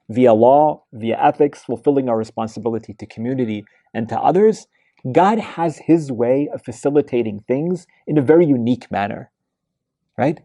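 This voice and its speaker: A man's voice: mid-range voice, vocal fry, warm tone, no echo, studio quality. A man giving a weekly Quran study lecture, telling stories in a conversational way with many fillers and restarts. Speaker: religious lecturer. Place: mosque lecture hall.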